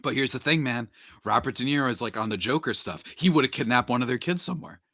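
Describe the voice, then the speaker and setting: A man in casual podcast chat, retelling a movie plot with animated, running storytelling. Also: medium pitch, fast talker. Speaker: podcast speaker.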